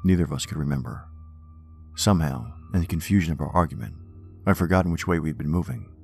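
A man narrating a first-person horror story in a measured, wry, reflective way. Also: rumbling low, vocal fry, a little mellow, slightly rough. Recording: faint music bed under narration.

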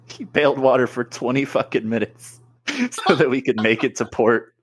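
A man's voice: medium pitch, lively intonation, normal speed, slightly rough. A man in casual podcast banter, teasing his friends and laughing as he talks. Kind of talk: casual chat.

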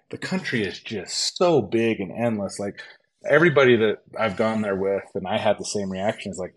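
A man telling a hunting story as a podcast guest, animated and acting out the lines of others. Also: on the low side. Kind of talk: storytelling in a casual interview.

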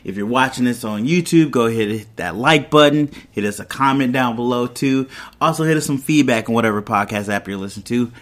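A man's voice: medium pitch, a little fast. Guy hosting a podcast, chatty and loose, recapping a tv episode with lots of asides. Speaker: podcast host.

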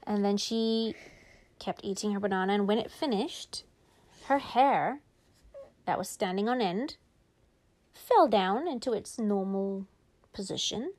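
A woman spinning an improvised bedtime story, lively and playful. She stretches words out slowly and drops into hushed whispers for the spooky bits. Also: medium pitch.

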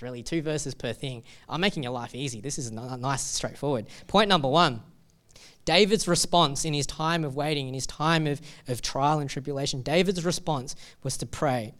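A man's voice: medium pitch, fairly bright tone. A young adult man, a pastor giving a sermon in a casual, joking way and reading scripture with feeling.

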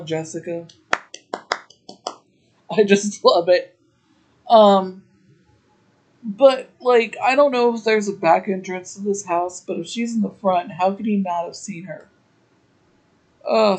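A woman's voice: mid-range voice, a little mellow, low-quality recording. A woman hosting a podcast, recapping an episode in a chatty, casual way with laughing asides. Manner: chatty, laughing asides, slow drawn-out delivery. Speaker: podcast host.

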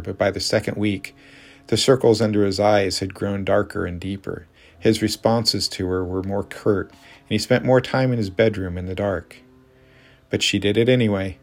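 A man narrating a story in a steady, measured reading voice. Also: on the low side.

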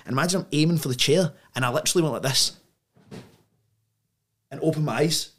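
A man's voice: fairly high pitch, fast talker, a bit bright. A man, a podcast guest telling a story in a casual, slangy way, full of "like" and "right?".

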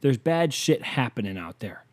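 A podcast host with a very animated, mid-range voice rants at a moderate pace. He's heated, sarcastic, and profane, rambling casually through stories with lots of filler words.

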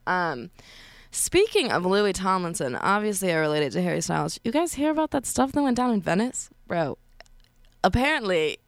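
A woman's voice: lowish voice, smooth, no room sound. Chatty young woman radio DJ. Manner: chatty, gossipy, laughs often. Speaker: college radio DJ. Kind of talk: casual radio chat.

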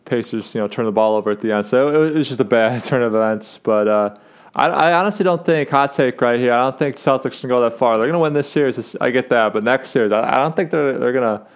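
A man's voice: mid-range voice, fast talker, few pauses, clear, resonant tone. A young man hosting a casual sports talk show, rambling with lots of fillers and restarts as he gives his takes. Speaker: sports podcast host.

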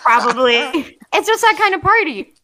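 A woman's voice: high-pitched, big pitch swings, normal speed, pushed and bright. A woman co-hosting a podcast, chatting about a horror film in a bubbly, laughing way. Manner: bubbly, laughing, valley-girl "like". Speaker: podcast co-host.

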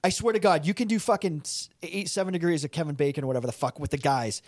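A man's voice: fairly high pitch, fast talker, dry recording, studio quality. A man in casual podcast chat, talking in a rambling, profane way. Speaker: podcast host.

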